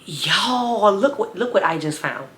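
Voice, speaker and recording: A woman in her twenties telling a storytime vlog to her viewers, sassy and animated. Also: fairly low pitch, normal speed. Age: 20s. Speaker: vlogger. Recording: roomy echo.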